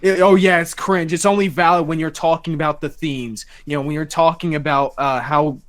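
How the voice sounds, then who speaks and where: A man chatting casually on a podcast over a voice call, excitable and swearing, often stumbling and restarting his sentences. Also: fairly high pitch, fairly quick.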